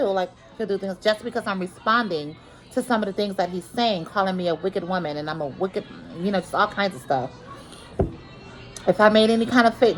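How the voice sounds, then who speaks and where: A woman's voice: medium pitch, lively intonation, fast talker, faint music behind, poor audio. A woman telling a personal story in a vlog, earnest and repetitive, with many restarts. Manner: earnest, repeats herself, many restarts and fillers.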